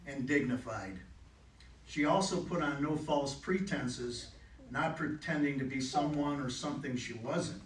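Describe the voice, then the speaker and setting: A middle-aged man giving a eulogy for his mother, telling stories with gentle humor. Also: fairly high pitch. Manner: heartfelt, gently humorous storytelling. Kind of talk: memorial eulogy. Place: funeral home chapel. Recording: echoey room, distant mic, faint ambience.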